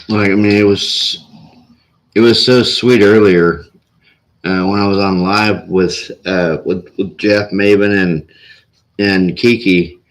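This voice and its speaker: A man's voice: lowish voice, steady tone, slow pace. A man hosting a livestream, chatting casually and rambling with lots of "like" and restarts. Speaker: livestream host. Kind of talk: casual chat.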